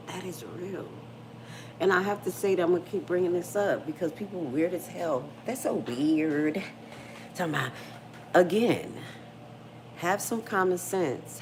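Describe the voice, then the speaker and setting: Blunt, profane woman with a low voice. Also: noisy background. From United States. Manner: blunt, profane, animated storytelling. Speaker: livestream host. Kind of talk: casual livestream chat.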